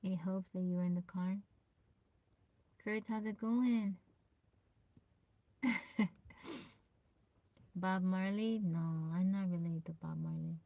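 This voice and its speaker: A woman with a naturally low, soft voice chatting on a live stream. She greets viewers by name, laughs often and pushes herself to project. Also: fairly even intonation, takes it slowly, gravelly, long pauses, no echo. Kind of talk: casual live-stream chat. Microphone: phone.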